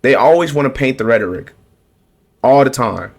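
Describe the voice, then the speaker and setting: A man's voice: medium pitch, expressive, moderate pace, gravelly. A man giving a casual, repetitive political rant to camera, often restarting his sentences. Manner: repetitive, restarts, sarcastic mocking quotes. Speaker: political commentator.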